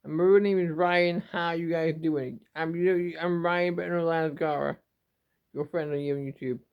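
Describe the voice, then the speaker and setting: A man's voice: fairly high pitch, steady tone, clear, resonant tone. Rambling man from England, lo-fi vlog. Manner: emotional, repetitive, halting. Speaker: YouTuber. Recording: dull lo-fi home recording.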